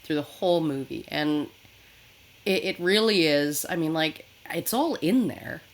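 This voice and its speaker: A woman co-hosting a podcast, talking in a casual, animated, rambling way with plenty of swearing. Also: deep voice, unhurried. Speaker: podcast co-host. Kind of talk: casual chat.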